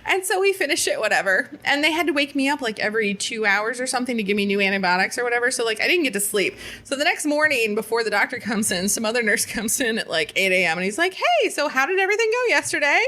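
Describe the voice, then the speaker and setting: A woman's voice: a little high, animated, fast talker, hardly any pauses, pushed and bright. A woman co-hosting a podcast, telling a story in casual chat with lots of "like" and swearing. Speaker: podcast co-host.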